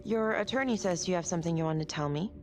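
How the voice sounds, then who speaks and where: Actress: game investigator, mid-pitched, cautious and direct, music under. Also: female voice, fast, natural voice. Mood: businesslike. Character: cautious, businesslike female investigator. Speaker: prison interviewer.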